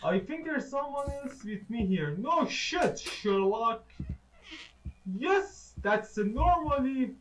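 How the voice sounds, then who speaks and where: A man with a high, wildly swinging voice, talking through a horror game as he plays. He swears freely and sarcastically greets the monsters that jump at him. He speaks slowly, drawing out his words. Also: lively intonation, slight background noise, poor audio. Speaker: gaming YouTuber. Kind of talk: horror game let's play commentary.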